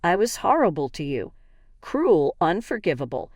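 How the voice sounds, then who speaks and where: Woman narrator voicing a guilt-ridden sister, choked, pleading, lower voice. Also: very animated, moderate pace, a little mellow, no room sound, clean studio sound. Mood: guilty.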